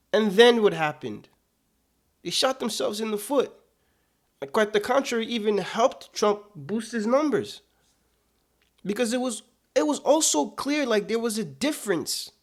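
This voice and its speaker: A man delivering political commentary, emphatic and indignant, repeating his points for weight. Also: sits high.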